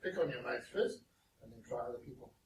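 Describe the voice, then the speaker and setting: Animated man in echoey hall. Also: medium pitch, quick pace. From South Africa. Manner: animated, acts out other people's voices in his anecdotes. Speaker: guest speaker. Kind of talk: humorous storytelling talk. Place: meeting venue with an audience. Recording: roomy echo, distant mic, noisy background.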